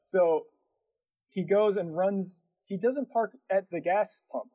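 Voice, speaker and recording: A man's voice: high-pitched, takes it slowly, warm tone, low-quality recording. Rambling man telling a story. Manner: rambling, filler-heavy, laughs through the story. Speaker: production company owner. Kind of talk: casual storytelling chat.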